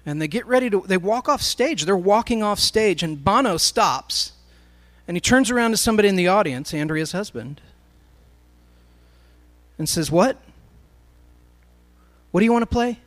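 A man's voice: high-pitched, expressive, normal speed, long pauses, fairly bright tone. A man speaking to a live congregation, telling a story in a sermon as he addresses the crowd directly.

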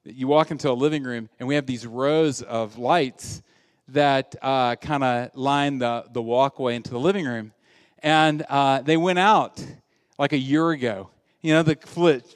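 A male pastor with a voice on the high side preaches a sermon, telling humorous stories and acting out the voices of the people in them, with self-deprecating asides. The recording has clean studio sound with no room sound, yet also a big-room sound.

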